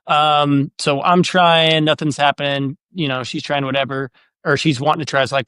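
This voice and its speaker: A man's voice: fairly high pitch, fairly even intonation, normal speed, fairly bright tone, clean tone, no room sound, studio quality. A man hosting a podcast, chatting casually and retelling his own anecdotes with a lot of "like" and acted quotes. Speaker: podcast host. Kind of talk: casual conversational interview.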